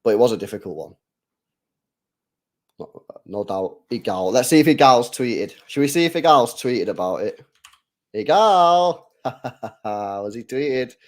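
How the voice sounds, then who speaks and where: A young man hosting a live football watchalong, reacting to the match, talking to his chat and bursting into shouts and laughter. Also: on the low side, moderate pace. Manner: excitable, bursts into shouts and laughter, chats to viewers.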